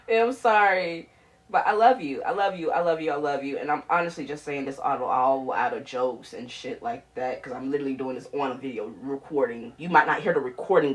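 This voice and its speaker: A woman recording an emotional, pleading video message to her mother on a phone, often repeating herself. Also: low voice. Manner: pleading, repeats herself, swings between soft and loud.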